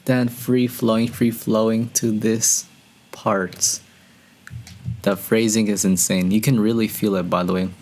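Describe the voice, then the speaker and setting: A man hosting a music reaction video, talking casually and excitedly to his viewers and often breaking into higher, louder exclamations. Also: unhurried. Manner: excitable, slangy, talks to viewers as "bro".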